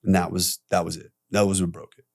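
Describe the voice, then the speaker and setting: A man guest on a podcast telling his own story candidly, animated, acting out quoted voices and swearing casually. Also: sits low, fast talker, gravelly.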